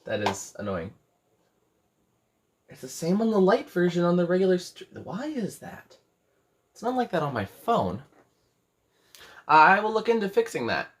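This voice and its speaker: A man's voice: high-pitched, very animated, a little slow, long pauses. An eighteen-year-old man hosting a live craft stream from his bedroom, rambling, correcting himself and reading chat messages aloud. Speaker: crochet livestream host.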